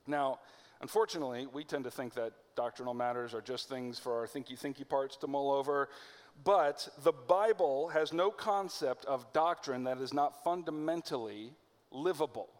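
A man from America preaching a sermon in a conversational way, slowing down to stress key phrases. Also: mid-range voice. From United States. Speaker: pastor. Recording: long hall reverb.

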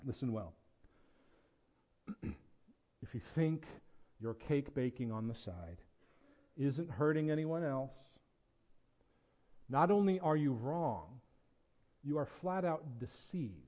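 A male pastor preaching a sermon in a church sanctuary, earnest and emphatic, repeating his points and dropping to low, intense tones. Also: expressive, takes it slowly, long pauses, dull audio.

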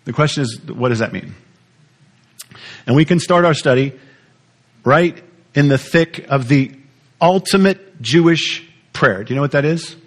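Male pastor, slightly high voice, animated teaching sermon delivery. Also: a little slow, long pauses. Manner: animated teaching, repeats words, asks the audience questions.

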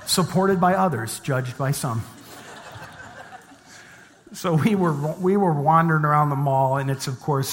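A middle-aged man delivering a sermon from the pulpit, his voice sitting a touch high for a man. He shifts easily between reading scripture and telling light, self-deprecating stories in a chatty tone. The sound carries a long reverb from a large church hall. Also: a bit bright. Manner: conversational with humorous personal asides. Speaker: pastor. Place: church sanctuary.

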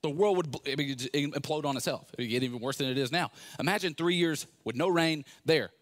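A man giving a sermon, retelling a Bible story in a relaxed, conversational way with playful asides. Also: fairly high pitch, fast. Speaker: pastor.

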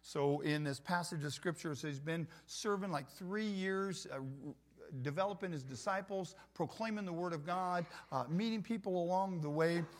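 A middle-aged man preaches in a church with a fairly high voice. His delivery is conversational and lively, and he keeps asking the congregation to answer back. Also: normal speed. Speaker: pastor. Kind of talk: sermon.

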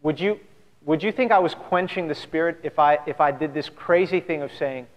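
A man's voice: fairly high pitch, moderate pace, muffled recording. A man pastor giving an earnest, conversational sermon full of rhetorical questions to his church. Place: church sanctuary. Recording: long church hall reverb.

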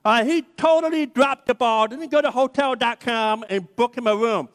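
A man with a strikingly high voice preaches a sermon, telling the story with humor and acting out the quotes. His voice rings out with the long reverb of a large hall. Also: normal speed.

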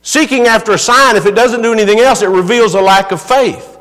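High-voiced pastor preaching in a hall. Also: male voice, brisk, fairly bright tone. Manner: earnest preaching with rising emphatic questions. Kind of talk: sermon. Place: church sanctuary.

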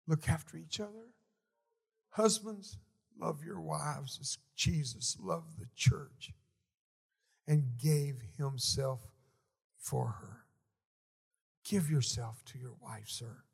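Brief: middle-aged male preacher, gravelly, slightly high, folksy storyteller who swells to shouts. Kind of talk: sermon storytelling.

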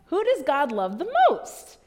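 A woman's voice: high-pitched, big pitch swings, measured pace, a little mellow. A woman pastor preaching a conversational sermon, asking rhetorical questions and making wry asides. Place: church sanctuary. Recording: long reverb of a church hall.

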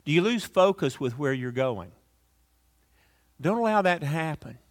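A middle-aged man preaching a sermon as a pastor and leading a closing prayer, swinging from loud emphatic peaks to hushed, near-whispered lines. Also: a little high, lively intonation, normal speed.

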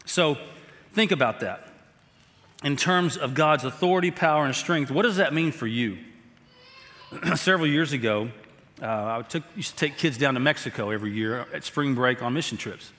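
A man preaching a sermon, telling a story and then building to slow, emphatic exhortation. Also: mid-range voice, a bit bright. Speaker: pastor. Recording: long hall reverb.

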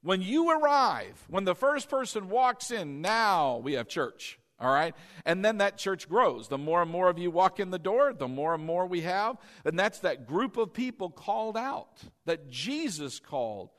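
A man's voice: high-pitched, big pitch swings, a little slow, a bit bright, in a large hall. A man preaching a sermon to his congregation as pastor, emphatic, repeating key lines and quizzing the crowd. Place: church sanctuary.

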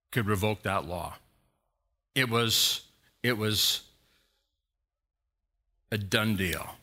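A male pastor preaching a sermon, retelling a scripture story with dramatic emphasis and sudden loud exhortations. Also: medium pitch.

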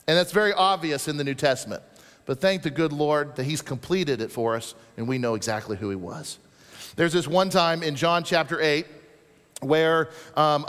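A man preaching a sermon as pastor, animated, with dramatic rises and drops, reading scripture slowly. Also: high voice, long reverb tail.

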